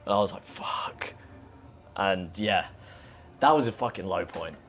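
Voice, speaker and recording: A man's voice: deep voice, moderate pace, slight background noise. A young man from England, a podcast guest, telling stories in casual chat and swearing freely. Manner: swears a lot, animated storytelling.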